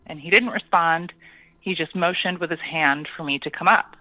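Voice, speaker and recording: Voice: medium pitch, no room sound, narrow, tinny audio. Hesitant caller telling a ghost story. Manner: hesitant, many pauses and ums. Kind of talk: telling a personal ghost story on a call-in show.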